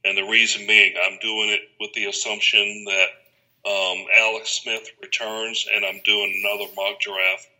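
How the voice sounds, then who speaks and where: Man, guest writer, lowish pitch, bright tone, matter-of-fact. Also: little pitch movement, unhurried, poor audio. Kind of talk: casual podcast chat.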